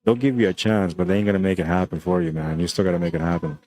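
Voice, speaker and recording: A man commentating a live pool match in an easygoing, talkative way. His voice sits very low and deep. He keeps it friendly and loose, often tacking "man" onto the end of his lines. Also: rapid-fire, dark tone. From Canada. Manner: laid-back, chatty, often ends lines with "man". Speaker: pool commentator and stream host.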